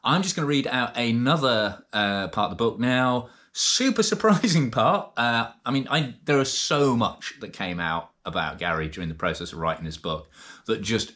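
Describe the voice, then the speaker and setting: A man, chatting in a casual vlog and reading out passages from a book, with lots of fillers and lively asides. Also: mid-range voice, normal speed. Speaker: vlogger and co-author reading from a book.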